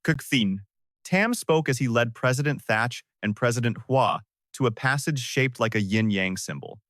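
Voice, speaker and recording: Brief: male recap narrator, mid-pitched, very dry close sound. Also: lively intonation, normal speed, fairly bright tone, dry recording. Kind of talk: scripted story recap narration.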